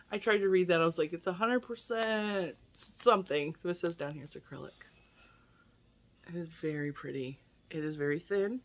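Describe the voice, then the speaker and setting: Chatty American woman unboxing yarn. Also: low voice. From United States. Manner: chatty, emotional, laughs often. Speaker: crochet YouTuber. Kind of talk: casual unboxing chat.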